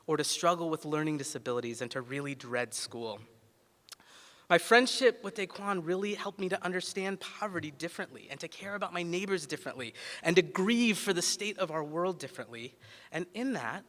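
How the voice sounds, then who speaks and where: Speaking in a large ceremony hall with echoey reverb, this forties-aged pediatrician and city health director has a slightly high voice with a fairly bright tone. His speech leans on personal anecdotes, delivered humorously and conversationally, often broken up by "uh."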